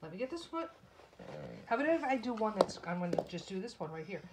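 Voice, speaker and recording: Trimming her nervous dog's nails at home, a woman alternates between soothing, pleading and the occasional stern scolding. Her mid-range voice is fast and sing-song against heavy background noise.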